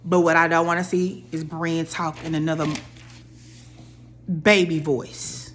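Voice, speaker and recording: A young woman holds forth on a reality series in a casual, opinionated rant. Her delivery is animated, and her voice leaps up sharply whenever she acts out what someone else said. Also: low voice, a little slow, a little hiss or hum. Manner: animated, opinionated, dramatic voice jumps when quoting people. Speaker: reality TV commentator.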